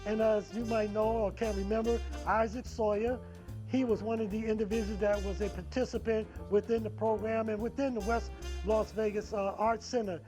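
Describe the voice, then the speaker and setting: Brief: earnest, slightly formal man interviewee, steady talk, clear music bed behind. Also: high voice, normal speed. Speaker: media owner interviewee.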